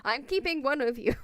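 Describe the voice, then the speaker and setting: High, lively woman streamer. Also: no room sound, studio quality. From Wales. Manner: playful and giggly, chatting to viewers and talking to game items. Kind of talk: casual live-stream gameplay chat.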